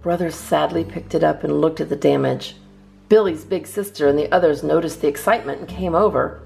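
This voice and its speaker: A woman narrating a children's storybook aloud in a lively, expressive way. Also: deep voice, a little fast, creaky, soft background music.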